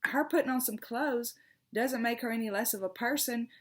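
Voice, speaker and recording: Lady in her middle years just talking to camera, gets loud and fired up, repeats herself a lot. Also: fairly high pitch, moderate pace. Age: middle-aged. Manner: earnest, gets passionate and loud, stumbles and repeats words. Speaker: tarot channel host. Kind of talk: casual vlog monologue.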